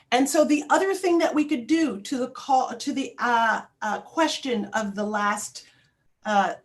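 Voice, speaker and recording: A middle-aged woman telling a personal story in a panel talk, with frequent fillers and restarts. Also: a little high.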